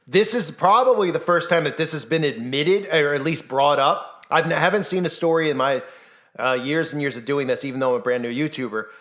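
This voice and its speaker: With a fairly bright voice that runs high and a little fast, a Christian YouTuber addresses the camera on his own channel. He presses his point urgently in a passionate monologue, throwing out rhetorical questions and mimicking the people he quotes.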